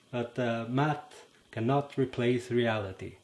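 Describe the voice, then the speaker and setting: Norwegian-accented man, host, slow and halting delivery, fills pauses with "uh" and "um", mid-pitched voice. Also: darkish tone. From Norway. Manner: halting, searches for words, many fillers. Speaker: channel host. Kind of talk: casual explanatory monologue. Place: in front of a green screen.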